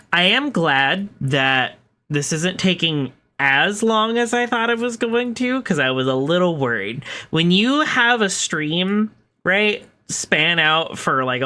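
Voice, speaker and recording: A young woman chatting casually to her viewers while streaming a game, excitable and talking to her cat. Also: low voice. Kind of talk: casual live stream chat.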